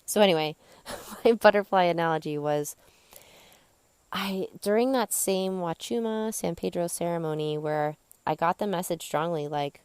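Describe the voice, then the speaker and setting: A woman's voice: on the low side, normal speed, darkish tone, clean tone, dry recording. A young woman hosting a podcast, telling her personal story in a candid, chatty way full of fillers. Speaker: podcast host.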